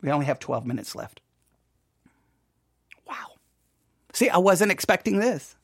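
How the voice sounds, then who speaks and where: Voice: medium pitch, very animated, unhurried, gravelly, husky, no echo, clean studio sound. A commentator reacting to a sermon clip with emotional, exasperated ranting and sarcastic mimicry.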